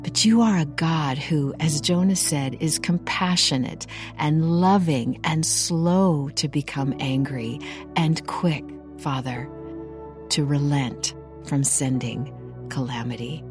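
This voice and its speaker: A woman's voice: low voice, slow, music in the background. A middle-aged woman reading a Bible story aloud with expression, then teaching and praying, inviting listeners to repeat after her. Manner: earnest, expressive reading with call-and-response. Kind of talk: devotional Bible reading and prayer.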